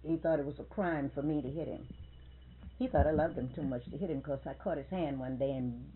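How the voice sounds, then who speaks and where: A woman's voice: deep voice, fairly quick, a little hiss or hum. Older woman telling family stories, tinny sound. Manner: lively, animated retelling with quoted dialogue. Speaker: interviewee. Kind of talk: storytelling in conversation.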